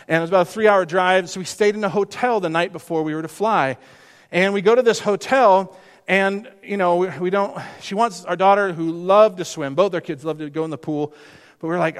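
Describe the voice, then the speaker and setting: High-voiced man preaching emphatically. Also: steady tone, brisk, clear, resonant tone, in a large hall. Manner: emphatic, repeats phrases, rhetorical questions. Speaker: pastor. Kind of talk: sermon.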